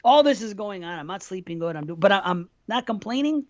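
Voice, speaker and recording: A man's voice: sits high, lively intonation, fast. A middle-aged man from New York State holds the floor on a casual podcast and tells a long, rambling story. He swears freely and keeps looping back and restarting his thoughts. The recording sounds dull and lo-fi. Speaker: podcast co-host. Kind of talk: casual chat.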